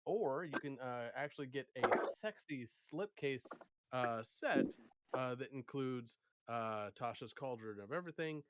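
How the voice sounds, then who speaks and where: A man co-hosting a casual podcast and game master, talking in a relaxed way with many fillers. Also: medium pitch, a little slow, background noise. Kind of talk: casual chat about tabletop games.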